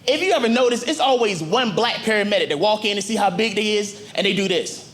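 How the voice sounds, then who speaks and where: A man's voice: high-pitched, fast. A man doing a stand-up set on a comedy club stage, chatty and slangy, talking into a handheld mic. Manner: animated, conversational, slangy. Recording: live club with audience noise.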